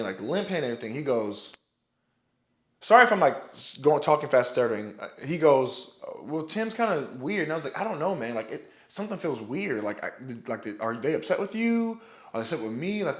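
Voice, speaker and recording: A young man telling a personal story to the camera, rambling with many restarts and "like" and swearing now and then. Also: medium pitch. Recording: roomy echo.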